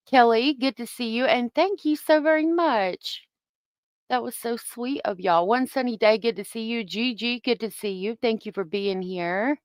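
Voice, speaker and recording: A woman's voice: mid-range voice, no echo. A woman hosting a livestream, chatting casually and thanking viewers by name. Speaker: host of a true-crime livestream.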